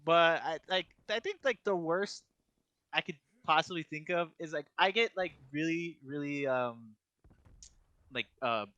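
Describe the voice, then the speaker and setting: A man's voice: on the high side, a little slow, bright, forceful tone, no echo, muffled recording. A young man co-hosting a podcast, telling a story in casual chat, rambling with constant filler words and restarts. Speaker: podcast co-host.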